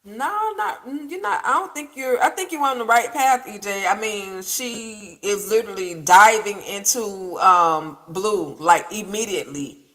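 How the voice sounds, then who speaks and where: A woman's voice: mid-range voice, unhurried, bright, forceful tone. A woman panelist in a casual online discussion, rambling and full of fillers.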